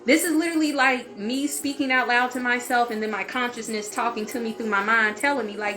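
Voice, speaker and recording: Woman vlogger, bright mid-pitched voice, chatty and frank story-time delivery with light cursing, soft music bed behind. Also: fairly quick, hardly any pauses. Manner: animated, frank, peppered with "like" and swearing. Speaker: vlogger and healing channel host. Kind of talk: casual story-time monologue.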